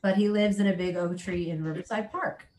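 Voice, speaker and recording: A woman's voice: mid-range voice, steady tone, a little fast, warm tone, a little hiss or hum. A woman who is a children's musician, chatting in an interview, laughing often and restarting her sentences. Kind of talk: casual interview chat. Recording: roomy echo.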